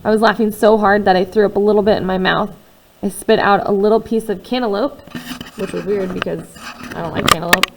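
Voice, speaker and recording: Female reader, first-person novel, expressive delivery that swings between hushed and loud. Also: mid-range voice, fairly quick, slight background noise, low-quality recording. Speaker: audiobook reader.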